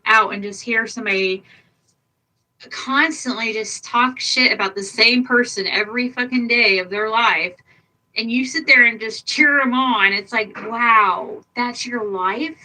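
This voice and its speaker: A woman's voice: fairly high pitch, unhurried, pushed and bright, poor audio. An older woman chatting casually on a livestream, blunt and exasperated, swearing freely as she vents. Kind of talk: casual chat.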